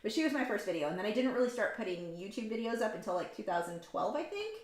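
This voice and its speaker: She talks fast and is very animated, her voice sitting in the mid range, as she paints live and chats for her stream. This woman artist is frank, opinionated and rambling, with frequent ums and likes, recorded with a roomy echo.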